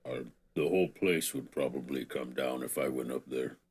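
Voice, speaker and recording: A man player in a tabletop game with a deadpan way of talking. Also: a bass voice, normal speed, breathy edge.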